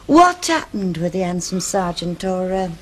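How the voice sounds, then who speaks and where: A wry, worldly woman in a soap opera. Her voice is lively and rises and falls widely. She speaks in a chatty, teasing manner. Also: fairly low pitch, normal speed, a little hiss or hum.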